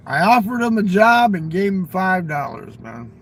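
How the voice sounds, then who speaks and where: A man's voice: sits high, sing-song, normal speed, a bit bright, rough recording. An older man telling rambling, profane, boastful stories in casual talk. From United States. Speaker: livestream guest telling stories. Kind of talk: rambling storytelling. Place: fast-food restaurant.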